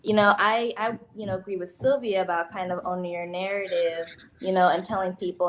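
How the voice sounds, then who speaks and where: A woman's voice: lowish voice, steady tone, brisk, slight background noise. A woman in her early twenties speaking on a panel, earnest and thoughtful, with many fillers. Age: 20s. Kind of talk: panel discussion.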